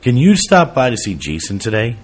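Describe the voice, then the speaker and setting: A man's voice: mid-range voice, wildly swooping pitch, fairly quick, breathy edge, pitched above the performer's own voice. A man voicing a fretful wife who speaks anxiously and hesitantly. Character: fretful wife calling her husband.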